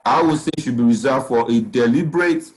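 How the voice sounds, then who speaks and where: A man's voice: mid-range voice, brisk, a little mellow, poor audio. A man, a physician speaking as guest at a parenting talk, giving earnest advice and often saying "you know.". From Nigeria.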